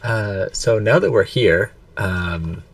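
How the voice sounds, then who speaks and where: A man playing a tabletop game, chatting with quick joking asides. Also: fairly low pitch, expressive, vocal fry, distant mic. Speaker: player. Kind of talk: casual tabletop game play.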